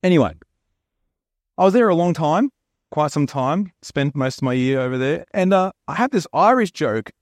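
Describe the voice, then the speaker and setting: An Australian man preaching with a chatty, joking storyteller's manner. His voice sits a little higher than most men's, and the sound is close and dry, with no room echo. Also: expressive, normal speed. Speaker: pastor. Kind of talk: sermon.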